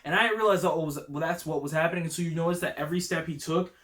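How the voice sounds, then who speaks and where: Excitable man reviewing a movie. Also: on the high side, rapid-fire, a little hiss or hum. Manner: excitable, gets worked up; slangy, enthusiastic storytelling. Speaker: YouTube channel host. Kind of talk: casual movie review vlog.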